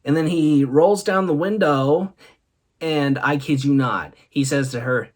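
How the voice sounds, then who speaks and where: A man's voice: fairly high pitch, unhurried. Laughing man telling funny stories. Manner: laughs often, punchline-driven. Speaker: host. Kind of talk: comic storytelling monologue.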